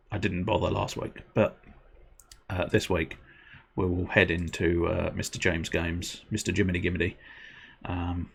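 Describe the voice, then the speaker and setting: A young livestreamer with a deep, creaky voice chats casually to his audience, rambling, poking fun at himself, and swearing occasionally. There's slight background noise.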